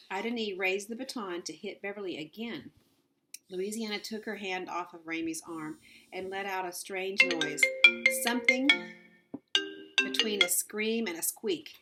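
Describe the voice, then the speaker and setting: A woman reading a children's novel aloud in an unhurried storytelling manner, with small slips. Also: lowish voice, pushed and bright. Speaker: audiobook reader.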